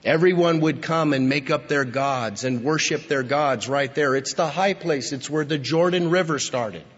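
A man preaching a sermon as pastor, emphatic, rising to stress key points and then dropping low. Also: normal speed, slightly rough. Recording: dull, lo-fi recording with long hall reverb.

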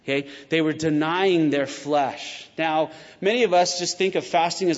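A man preaching a sermon in a loose, conversational way, slipping into voices for the people in his stories. His voice sits a little high for a man. The recording is muffled and rings with long reverb from a large church hall. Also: moderate pace, few pauses. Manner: conversational and animated, acts out quotes. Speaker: pastor. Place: church sanctuary.

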